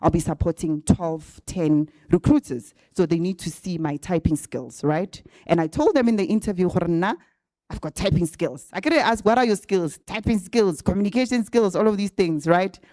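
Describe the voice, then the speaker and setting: A chatty woman tells her story to a live room of graduates, often turning to them with "right?". Her voice is mellow and sits a little low, and the sound is close and dry. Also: animated, moderate pace, no echo. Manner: chatty, addresses the audience directly with frequent "right?". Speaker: guest speaker at a graduate bootcamp. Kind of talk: casual storytelling talk to a live audience. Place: event venue with a live audience. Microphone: handheld or stand microphone.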